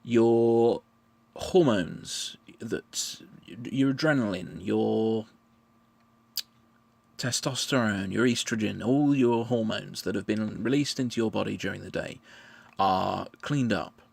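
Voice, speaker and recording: A man explaining his answers in a measured, patient monologue, often restarting his phrases. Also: on the low side, gravelly, a little mellow, no echo. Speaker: vlogger answering questions.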